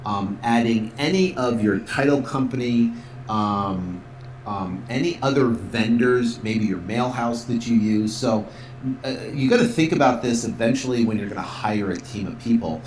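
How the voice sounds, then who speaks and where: A man instructor giving a casual software walkthrough tutorial, upbeat and full of fillers, acting out sales calls. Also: lowish voice, normal speed, roomy sound, slight background noise.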